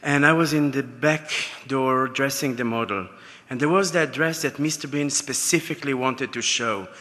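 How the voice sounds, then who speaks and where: Guy giving an award speech, warm heartfelt stories, bright tense voice, big reverby hall. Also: mid-range voice, normal speed. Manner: heartfelt, anecdotal storytelling. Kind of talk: acceptance speech. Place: large gala ballroom.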